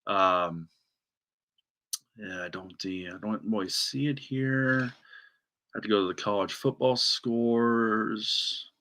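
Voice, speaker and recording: A man's voice: lowish voice, takes it slowly, pauses often, bright, forceful tone. A man hosting a solo sports podcast, ranting animatedly with many restarts and asides.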